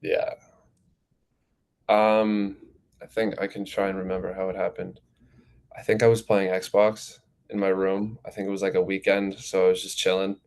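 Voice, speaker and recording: A teenage young man from New Jersey, answering interview questions in a relaxed, rambling way with plenty of fillers. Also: low-pitched, moderate pace, clean tone. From New Jersey, USA. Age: teens. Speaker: goalkeeper guest.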